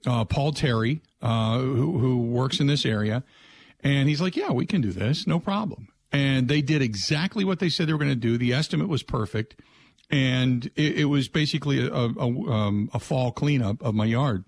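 A man hosting a sports talk radio show, chatting casually and ranting in exasperation. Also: mid-range voice. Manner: exasperated, ranting, animated storytelling.

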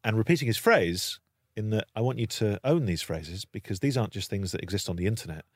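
A British man with a fairly low voice tells an anecdote in relaxed conversation. He is animated and slips into other people's voices as he goes. The sound is dry and close, with no room around it. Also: fast, no room sound. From Britain. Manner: animated storytelling, acting out voices. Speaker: guest storyteller. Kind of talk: casual anecdote on a podcast.

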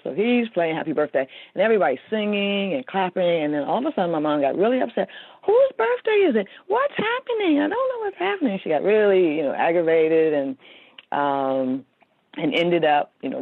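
A woman's voice: low voice, no echo. A woman in her fifties tells a personal story as an interview guest, heartfelt and meandering, full of fillers and restarts. Her voice comes through a tinny, phone-like line, dry and close with no room sound. She talks rather than performs. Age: 50s. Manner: heartfelt, rambling, many fillers. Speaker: guest author.

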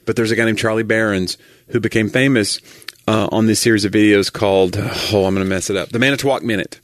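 A man with a Southern American accent, talking loosely as a podcast co-host. His voice sits on the low side and he often laughs while he tells a story. The recording is dry and close, with no room echo. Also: steady tone, fast talker. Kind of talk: casual chat.

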